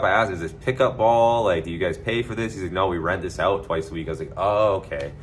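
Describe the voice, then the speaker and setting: A man's voice: deep voice, fast, few pauses, a bit bright, a little hiss or hum. A man chatting casually to his livestream viewers, rambling and swearing freely, with lots of filler words. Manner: rambling, loose and profane, full of filler words.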